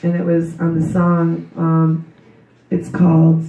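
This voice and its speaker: A middle-aged woman with a loud voice gives a slow, earnest memorial tribute to her daughter. She speaks religiously and wanders into asides as she recites a poem. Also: fairly low pitch, monotone. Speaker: grieving mother giving a memorial tribute. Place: memorial gathering in a large room. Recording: echoey hall, distant dull mic.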